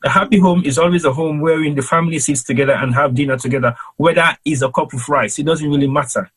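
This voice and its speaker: A Sierra Leonean man with a Krio accent gives impassioned commentary on a panel. His voice is a little husky and pitched somewhat high. He talks in an emphatic, rhetorical way, like a preacher. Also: fast, fairly bright tone, poor audio. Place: cold home in London.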